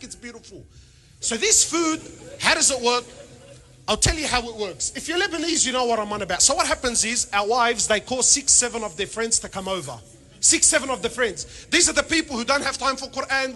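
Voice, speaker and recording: A man with a very high voice speaks as a panel speaker, giving a humorous religious talk to an audience. He is animated, asks plenty of rhetorical questions, and mixes in Arabic phrases.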